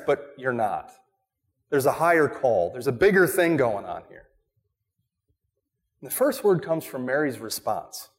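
Man, pastor, sermon, animated, questions the congregation, slightly high voice, long hall reverb. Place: church.

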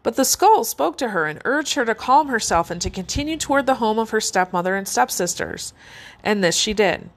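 A woman narrating a fairy tale in a measured, expressive way. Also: medium pitch. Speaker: storyteller.

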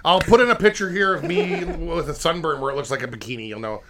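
A man co-hosting a casual beer-tasting podcast, rowdy and joking, talking fast after chugging a beer. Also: on the high side, a crowd in the background. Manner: rowdy, joking, bursts into wrestler-style yelling. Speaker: podcast co-host.

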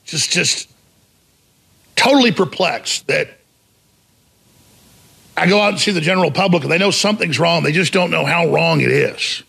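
A man hosting a talk show, ranting in a combative, mocking way and shouting for emphasis, with a raspy, gravelly voice. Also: fairly high pitch, moderate pace, pauses often. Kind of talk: heated talk radio rant.

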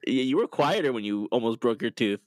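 A man co-hosting a podcast in casual chat, laughing often and cutting in with quick playful remarks. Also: medium pitch, animated, dry recording. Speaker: podcast co-host.

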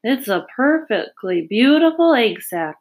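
A woman's voice: fairly high pitch, sing-song, a little slow, pitched above the performer's own voice. A woman voicing an innocent young male pig who talks eagerly.

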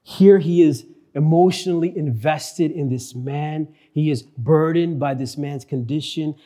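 A male pastor preaching a sermon in church, earnest, repeating key phrases and slowing down for emphasis. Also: fairly high pitch, warm tone.

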